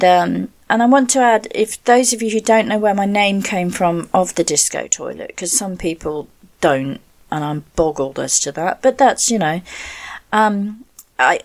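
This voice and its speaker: A woman, hosting an online radio show in a rambling, playful chat. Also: mid-range voice.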